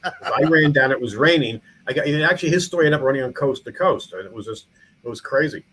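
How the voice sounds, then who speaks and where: A man's voice: mid-range voice, quick pace, a little hiss or hum, low-quality recording. A middle-aged man, a small-town mayor and museum founder, telling stories in a casual interview with lots of restarts and fillers. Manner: rambling, animated, frequent restarts and fillers.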